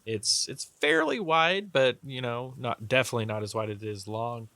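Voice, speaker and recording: A man's voice: mid-range voice, normal speed, pushed and bright, no room sound. Rambling man running a tabletop game. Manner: rambling, hesitant, many fillers. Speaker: game master.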